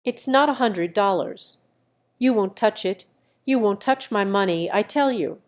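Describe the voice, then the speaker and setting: A woman voicing a stubborn, money-clutching young wife in an audiobook, sharp and defiant. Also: mid-range voice, a little slow, natural voice. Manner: sharp and defiant, then mincing.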